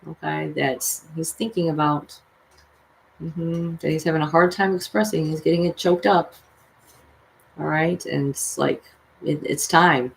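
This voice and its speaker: A woman's voice: low-pitched, fairly even intonation, unhurried, gravelly. A woman reading tarot cards for her viewers in a casual livestream. She talks to them directly and earnestly, and swears freely when she gets worked up. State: mother of six children. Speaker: tarot reader and vlogger.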